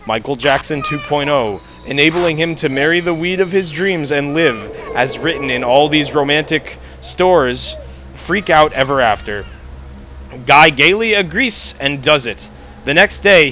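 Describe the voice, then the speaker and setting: Higher-voiced man reading a story aloud. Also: expressive, normal speed, background noise. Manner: reads absurd text in mock earnest, breaking into laughter. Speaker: reader of a fan story. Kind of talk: amused dramatic reading.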